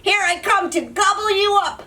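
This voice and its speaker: A woman's voice: a little high, big pitch swings, unhurried, fairly bright tone. A woman doing a roaring greedy troll. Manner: roaring, bossy threats. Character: big ugly hungry troll, blustering and greedy.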